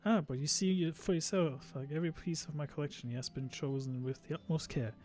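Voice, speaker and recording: A man's voice: on the high side, brisk, darkish tone, faint music behind, close to an everyday voice. A man voicing a haughty noble lady collector from a game, speaking with imperious disdain. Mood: scornful.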